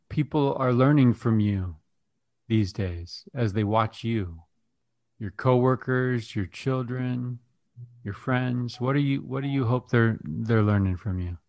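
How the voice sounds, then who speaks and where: A man's voice: medium pitch, slow, a little mellow, dry recording. A man hosting a podcast, asking reflective questions and often restarting his words as he thinks. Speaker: podcast host. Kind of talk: podcast interview.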